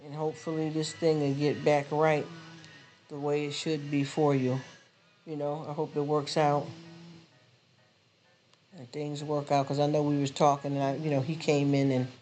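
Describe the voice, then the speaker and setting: A man's voice: fairly high pitch, level tone, normal speed, long pauses, darkish tone, soft background music. A man hosting a casual live stream, talking bluntly in street slang and often repeating words as he chats with viewers. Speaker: livestream host.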